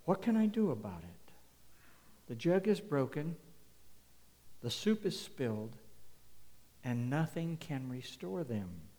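Slow emphatic male preacher in a hall. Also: medium pitch, very animated. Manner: emphatic, swings between loud and hushed. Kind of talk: sermon. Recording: long hall reverb.

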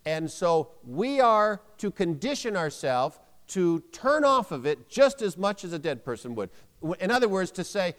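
A man's voice: high voice, sing-song, normal speed, fairly bright tone, long reverb tail. A man preaching a sermon, emphatic, having the congregation repeat phrases aloud.

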